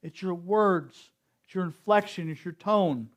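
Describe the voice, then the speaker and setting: A middle-aged man giving a slow, earnest sermon at a spiritual service, sometimes acting out quotes. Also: high voice. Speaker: speaker at a spiritual center service.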